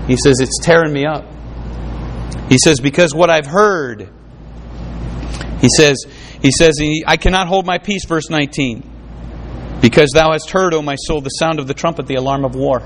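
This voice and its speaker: A man preaching a sermon to a room, fervent and emphatic as he reads out scripture and drives each point home. His voice sits a little high for a man. A faint noise runs under the recording. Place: room with an audience.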